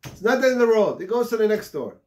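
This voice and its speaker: A man preaches as a rabbi in an impassioned sermon, his voice sitting a little higher than most men's. He tells parables with acted-out dialogue and builds up to shouted high points. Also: sing-song, quick pace.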